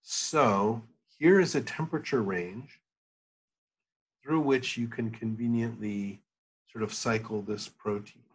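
A man giving a university chemistry lecture over a video call, thinking aloud with many pauses and fillers. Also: fairly low pitch, husky, poor audio. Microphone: computer mic on a video call.

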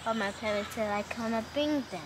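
A woman's voice: on the high side, a little fast, a loud crowd, close to an everyday voice. A young woman acting as a shy new girl who defends her worn shoes, hesitant and defensive. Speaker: actor in a family skit. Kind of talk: improvised home video skit. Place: outdoor playground.

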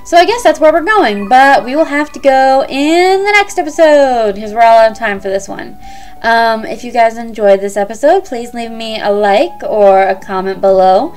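A woman's voice: fairly high pitch, normal speed, soft background music. A young woman hosting a let's play, chatting casually with many ums. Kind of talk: casual game commentary.

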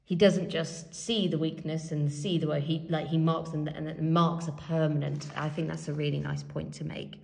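A woman's voice: deep voice, little pitch movement, moderate pace, gravelly, few pauses. A woman teacher giving a revision tutorial, thinking aloud as she writes and reads from a help sheet, with many fillers. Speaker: English teacher. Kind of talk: revision tutorial while writing.

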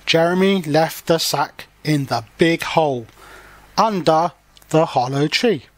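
A man reads a children's story aloud, stopping to explain the pictures and words in simple terms. He speaks very slowly in a slightly high voice, and the recording is close and dry. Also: dry recording. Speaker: storybook reader and language teacher. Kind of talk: reading a picture book aloud with explanations for learners.

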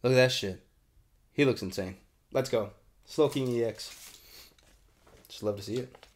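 A young man hosting a card unboxing, chatting casually with lots of swearing and bursts of excitement, congested and sniffly. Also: mid-range voice, a little slow. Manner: profane, excitable, rambling. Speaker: card unboxing channel host.

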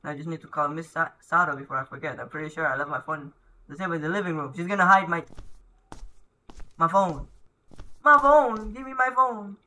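A man's voice: a little high, fairly even intonation, quick pace, low-quality recording. A young man commentating a horror game, reading its text aloud and yelping at scares. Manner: jumpy, yelps and shouts at scares. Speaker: gameplay commentator.

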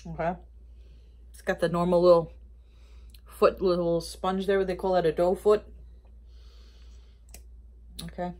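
A woman's voice: fairly low pitch, level tone, measured pace, long pauses, mellow. A woman chatting casually as she tries out makeup and candy from a store haul, thinking aloud and rambling. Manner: talks with mouth full of candy. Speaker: haul vlogger. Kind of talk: casual product review.

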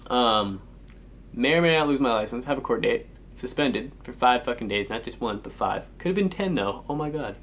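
A man's voice: medium pitch, expressive, moderate pace, fairly bright tone, slight background noise. A teenage boy ranting angrily in a vlog, swearing constantly and sighing in exasperation. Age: teens. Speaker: vlogger.

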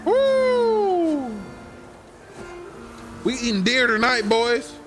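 Playing a video game, this young man reacts in a high, highly animated voice, swearing freely and swinging between joking banter and loud outbursts. His pace is moderate, with music behind him.

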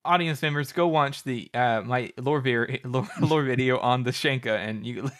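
A young adult man co-hosting a podcast, chatting in an animated way and laughing often. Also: mid-range voice, moderate pace, dry recording, studio quality. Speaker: podcast co-host. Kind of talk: casual book discussion.

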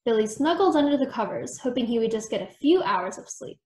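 A woman reading a children's storybook aloud in an expressive storytelling manner. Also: a little high, a little fast. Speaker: storytime reader. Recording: echoey room.

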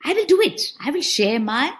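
Storybook elephant, young male, fretful and excitable, high and sing-song, voiced by a woman. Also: normal speed. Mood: hopeful. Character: young male elephant, greedy yet kind.

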